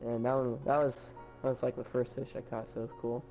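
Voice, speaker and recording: A man's voice: medium pitch, flat delivery, fast, lo-fi sound, over music. A teenage boy as a podcast guest, chatting casually with teasing, jokey remarks. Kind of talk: casual chat.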